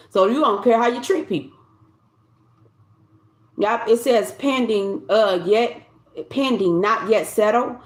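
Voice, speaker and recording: A woman with a medium-pitched voice delivers a collective tarot reading in an echoey room. She speaks loosely and conversationally, often going back to repeat or restart what she's saying.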